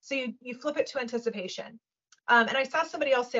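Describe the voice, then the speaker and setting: A woman talks in a high voice with a touch of huskiness and coaches webinar listeners in a casual, lively way. She acts out little voices and keeps asking "right?". The audio is dull and lo-fi. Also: fast talker. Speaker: webinar guest speaker.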